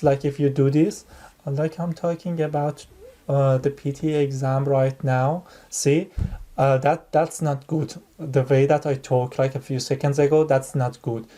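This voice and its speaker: Slow, mellow-voiced male tutor. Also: mid-range voice. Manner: rambling, conversational, explains by demonstrating. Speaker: test-prep tutor. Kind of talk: casual spoken tutorial.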